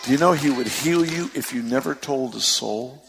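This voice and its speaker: A man preaching a sermon, telling stories with lively emphasis and easy laughs. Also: mid-range voice, normal speed, creaky, a little hiss or hum. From San Francisco Bay Area. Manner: storytelling, animated with laughs and rising emphasis. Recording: long hall reverb.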